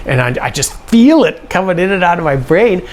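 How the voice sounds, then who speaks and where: A man with a gravelly voice telling a personal story casually, acting out the dialogue as he goes. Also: high-pitched, fairly quick. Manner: animated, acts out quoted dialogue.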